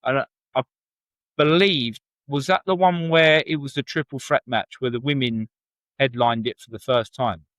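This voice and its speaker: A man's voice: mid-range voice, normal speed, a bit bright, dry recording. A man from England co-hosting a wrestling podcast, chatty and enthusiastic in casual conversation. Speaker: podcast co-host. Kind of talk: casual chat.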